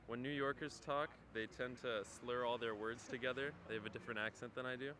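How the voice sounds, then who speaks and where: A man doing a mocking stand-up bit on a city street, talking fast. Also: mid-range voice, steady tone, pushed and bright. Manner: rapid, mocking delivery. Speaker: aspiring comedian.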